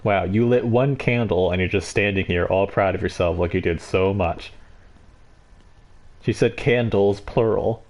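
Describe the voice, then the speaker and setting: A man's voice: sits low, measured pace, darkish tone. A man streaming a game live, giving sarcastic, mocking commentary on what he sees.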